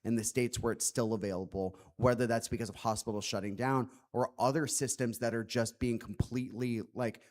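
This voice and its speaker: A man's voice: lowish voice, darkish tone. Earnest man at a book talk. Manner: earnest, reflective, frequent "like" fillers. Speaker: author and guest speaker.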